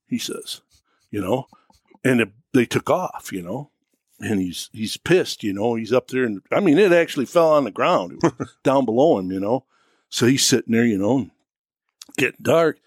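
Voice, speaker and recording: A man's voice: lowish voice, normal speed, breathy edge, dry recording. An American man co-hosting a podcast, telling a long hunting story in a rambling way, peppered with "you know". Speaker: podcast co-host. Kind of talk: casual storytelling.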